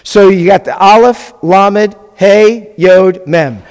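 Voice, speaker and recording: Guy teaching a hebrew class, kinda high voice, lots of "everybody good?", echoey hall sound. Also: slow, a little mellow, clear, resonant tone. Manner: patient, checks in often with the class.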